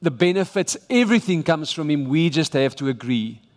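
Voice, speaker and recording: A man's voice: fairly high pitch, animated, brisk. A man with a South African English accent preaching a sermon with emphatic, exhorting delivery and frequent restarts. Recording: long reverb of a large church hall.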